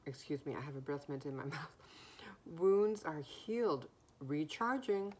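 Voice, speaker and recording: A woman giving a slow, musing oracle card reading, often pausing to listen and repeating words as they come to her. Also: low voice, expressive, darkish tone, slight background noise.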